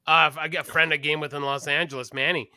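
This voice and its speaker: A man's voice: on the high side, flat delivery, fast talker, pushed and bright, smooth, dry recording, clean studio sound. A Canadian man co-hosting a casual podcast, blunt and profane, ranting about prices. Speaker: podcast co-host.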